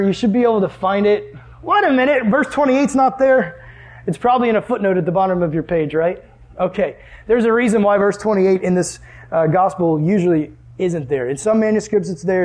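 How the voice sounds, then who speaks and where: Young male Bible teacher, high voice, lively and questioning, classroom lesson. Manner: animated, asks the class questions.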